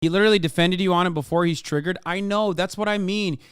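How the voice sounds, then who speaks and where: A man with a fairly high, smooth voice rants at his stream. He talks in heated, profane bursts and mocks the clips he reacts to. The sound is dry and close. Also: fairly even intonation, fast talker, a bit bright, no room sound. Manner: heated, ranting, mocking. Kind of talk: casual profane livestream commentary.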